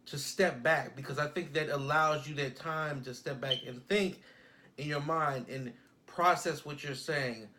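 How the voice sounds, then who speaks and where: A man's voice: fairly high pitch, a little slow, sharp tone, a little hiss or hum. A man co-hosting a podcast, rambling through ideas in casual chat and acting out little scenes. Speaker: podcast co-host.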